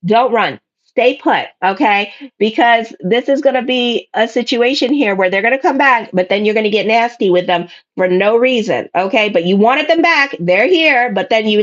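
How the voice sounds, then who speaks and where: A woman's voice: fairly high pitch, muffled recording. A woman astrologer giving a casual weekly tarot reading in a sassy, blunt way. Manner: sassy, blunt, acts out listeners' voices.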